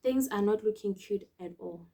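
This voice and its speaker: A woman with a South African accent quoting a blunt young male friend in a casual, slightly lowered voice. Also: normal speed, gravelly, warm tone. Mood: warning.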